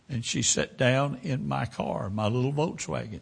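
An older man in his seventies preaches, his voice gravelly and a little husky. He talks slowly and unhurriedly, drawing out a folksy story with pauses. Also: medium pitch. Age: 70s. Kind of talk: sermon with a personal story.

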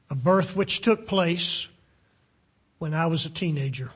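A male preacher delivers a sermon in a high, somewhat husky voice. He speaks slowly and deliberately, leaning into key phrases with rising emphasis.

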